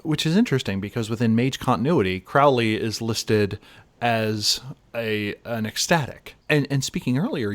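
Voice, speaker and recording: A man hosts a podcast in easy conversation, feeding his guest questions. His voice sits fairly low. The sound is dry and close. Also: no echo. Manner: conversational, asks prompting questions. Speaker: podcast host. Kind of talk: casual chat.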